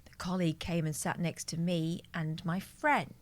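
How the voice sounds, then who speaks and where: A woman's voice: low voice, steady tone, normal speed, gravelly, few pauses. A woman co-hosting a podcast who tells stories in a dry, teasing way during casual chat. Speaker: podcast co-host.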